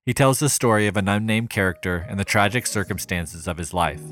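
A man hosting a podcast, reading a scripted music analysis in a measured, even way. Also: lowish voice. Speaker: podcast host.

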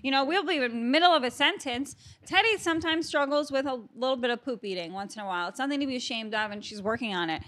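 A woman's voice: sits high, fast talker, hardly any pauses, fairly bright tone. A woman co-hosting a podcast, chatty in casual banter with dry asides. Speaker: podcast co-host.

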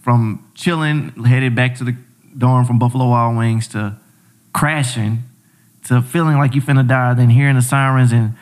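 A man's voice: mid-range voice, steady tone, moderate pace. A young man, a podcast guest, telling a personal story in a loose, slangy way, repeating himself and acting out what people said. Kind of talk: casual storytelling chat.

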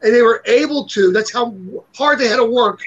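A man's voice: extremely high pitch, normal speed, slightly rough, muffled recording. A man speaking earnestly and with emphasis in a casual chat.

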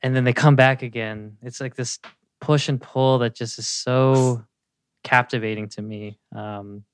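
A man co-hosting a music podcast, chatting casually and gushing about a song with many pauses and fillers. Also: medium pitch, steady tone, clear, resonant tone. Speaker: podcast co-host.

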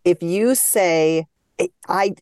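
A woman hosting a hockey podcast, giving measured opinions and steering the talk. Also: fairly low pitch, darkish tone, clear, resonant tone, dry recording, clean studio sound. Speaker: podcast host. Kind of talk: casual hockey chat.

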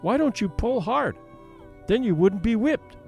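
A man's voice: high-pitched, lively intonation, brisk, a little mellow, faint music behind. A man voicing a fussy, pampered young woman who pleads in dramatic exclamations. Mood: pitying.

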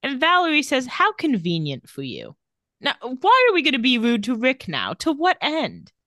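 A woman co-hosting a podcast, casually recapping a TV episode and reading its dialogue aloud with shifting pitch and pace. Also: wildly swooping pitch, moderate pace, pushed and bright, dry recording, clean studio sound.

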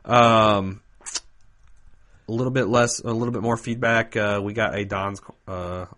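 A man's voice: on the low side, fairly even intonation, a little slow, fairly bright tone. A man co-hosting a casual podcast, rambling through listener feedback with plenty of fillers and restarts. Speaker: podcast co-host.

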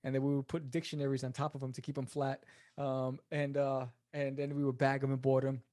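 An animated man described as "New" tells stories at a brisk pace as an interview guest and comic creator. In this casual storytelling interview, he acts out the people he quotes in a higher voice.

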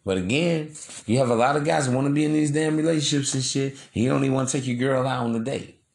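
A man's voice: mid-range voice, fast talker, vocal fry. A man hosting a podcast, talking in a loose, slangy, preachy monologue. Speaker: podcast host. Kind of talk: casual monologue.

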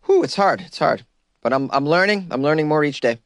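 A man's voice: fairly high pitch, lively intonation, fairly quick. A man hosting a podcast, giving loose comedic commentary, laughing often and mocking quotes in silly voices. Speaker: podcast host.

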